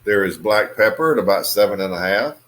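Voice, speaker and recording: A man casually reviewing a cigar on his video channel, in a relaxed, musing way with many fillers. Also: lowish voice, brisk.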